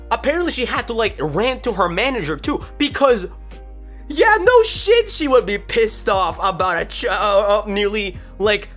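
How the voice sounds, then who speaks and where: A woman with a medium-pitched, fairly bright voice rambles through a story in a casual storytime vlog. She swears and breaks into exasperated outbursts along the way.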